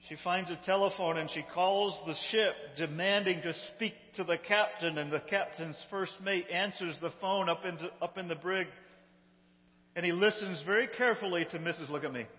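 A man casually retelling a sitcom episode in an animated, amused, conversational way, recorded on a handheld phone. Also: high voice, normal speed, big-room sound, muffled recording.

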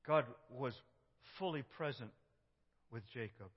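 A man's voice: mid-range voice, measured pace. Man preaching a dramatic sermon. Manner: dramatic, swings between loud cries and hushed prayer. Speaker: pastor. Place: church sanctuary. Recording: dull, echoey church sound.

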